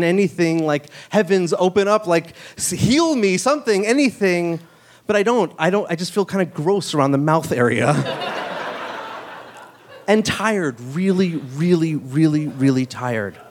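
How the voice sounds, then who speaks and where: A man telling a true story on stage, conversational and full of "like" fillers and quick asides. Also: on the high side. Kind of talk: live storytelling.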